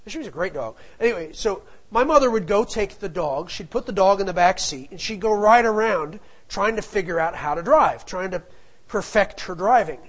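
On a rough recording, a middle-aged storyteller with a high, animated voice talks at normal speed. He rambles through a family anecdote casually, wandering off into frequent asides.

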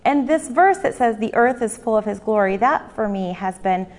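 A woman's voice: a little high, expressive, moderate pace, a little mellow, in a large hall. A woman in her thirties giving an earnest Bible teaching talk, reading passages aloud and stressing repeated words.

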